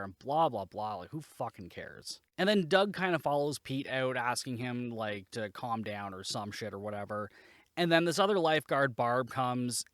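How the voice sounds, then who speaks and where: Guy hosting a podcast, rambly and sarcastic, swears a lot, middle pitch, dry close sound. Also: fairly bright tone, no echo. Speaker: podcast host, movie reviewer. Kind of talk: casual spoken review.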